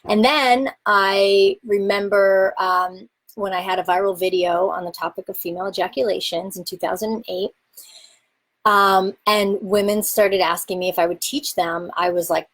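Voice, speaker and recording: A woman with a somewhat low voice talks candidly to camera about her own experiences. Her delivery is open and reflective, loose with fillers and occasional laughter, in the manner of a sex educator addressing her community. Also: fairly even intonation, normal speed, a bit bright, slightly rough. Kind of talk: candid personal talk to camera.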